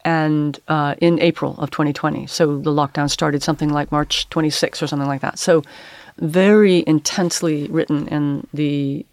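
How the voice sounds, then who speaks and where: A woman's voice: low-pitched, steady tone, a little mellow, no room sound. Thoughtful woman, dry close sound. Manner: halting, searching for words, academic phrasing. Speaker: poet and English professor, guest. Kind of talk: reflective interview talk.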